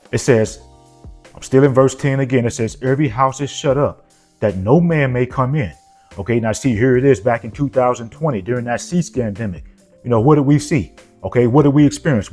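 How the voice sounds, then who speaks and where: A man's voice: mid-range voice, a little mellow. A man gives an informal sermon and reads scripture, peppering his talk with "okay?" and "you know". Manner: repetitive, punctuated with frequent "okay?" and "you know". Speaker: preacher.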